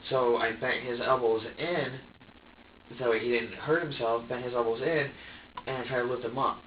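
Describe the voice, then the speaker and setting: A man's voice: mid-range voice, steady tone, a little hiss or hum. Man in an echoey interrogation recording. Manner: halting and repetitive, restarting sentences, quoting himself. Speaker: suspect being questioned by police. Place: police interview room. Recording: echoey, distant, dull lo-fi room recording.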